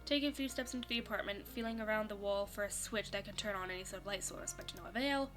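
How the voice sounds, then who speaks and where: A young woman streaming a visual novel, reading the story and her character's lines aloud and breaking into animated, laughing reactions. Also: mid-range voice, fast, music in the background. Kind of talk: reading a game script aloud with commentary.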